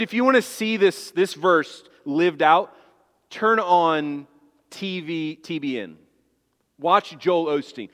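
A man preaching a sermon as pastor, emphatic, swinging between hushed low passages and loud high appeals. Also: big-room sound.

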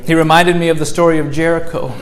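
A male pastor preaching a sermon in a church, moving between raised, emphatic lines and soft, gentle ones. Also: on the high side, little pitch movement, fast. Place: church sanctuary.

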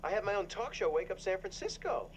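An actor playing a cheerful, eager dad who talks gently and a little corny to small children, from a sitcom clip. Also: male voice, sits high, sing-song, quick pace. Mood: chipper. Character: cheerful, eager single dad and talk-show host. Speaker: father at a preschool. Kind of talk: sitcom acting. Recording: sitcom clip with background noise.

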